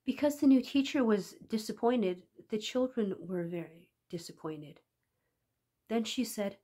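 A woman reading a story aloud in a calm, measured storytelling manner. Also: on the high side. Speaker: reader.

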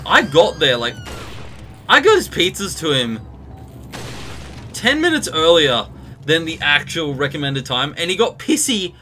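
A man's voice: on the high side, sharp tone, slight background noise. A young Australian man streaming a game live, chatting and ranting in a casual, storytelling way. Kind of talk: live gameplay commentary. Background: game music.

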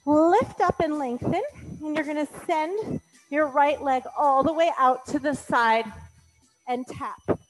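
A high-pitched woman guides an exercise class at an unhurried pace, calling out each move and cheering people on. She sounds a little out of breath, with faint music playing behind her. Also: poor audio. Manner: encouraging, counting out moves. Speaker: fitness instructor.

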